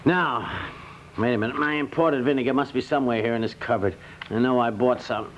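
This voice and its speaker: A man's voice: medium pitch, a little fast, natural voice. A man playing a fussy know-it-all husband. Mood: lecturing. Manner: pompous, fussy, lecturing. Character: fussy self-assured husband, know-it-all home cook. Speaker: husband in a radio sitcom. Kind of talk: 1950s radio comedy acting. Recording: dull lo-fi 1950s radio recording with faint hiss.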